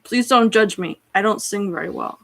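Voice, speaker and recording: A woman's voice: mid-range voice, unhurried, dry recording. A woman telling a story in a chatty, self-deprecating way with frequent fillers. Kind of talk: casual storytelling.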